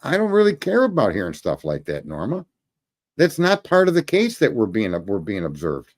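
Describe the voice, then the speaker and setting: A man's voice: mid-range voice, wildly swooping pitch, normal speed. A man hosting a livestream, ranting profanely and scolding his chat commenters in casual commentary. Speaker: livestream host.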